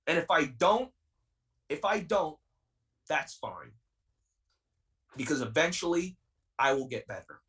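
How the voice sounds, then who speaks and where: A man's voice: on the high side, very animated, normal speed, pauses often, fairly bright tone, far from the mic, rough recording. A man of twenty, a wrestler speaking as a guest on a podcast, talking intensely and defiantly and repeating himself to make his point. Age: 20s. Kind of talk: heated podcast interview.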